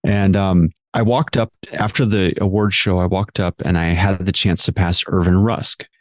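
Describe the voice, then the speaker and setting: A man's voice: low-pitched, steady tone, moderate pace, no room sound, studio quality. A male hair-education director and guest, earnestly telling stories in casual conversation, often restarting his sentences. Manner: earnest, many restarts and repeated words.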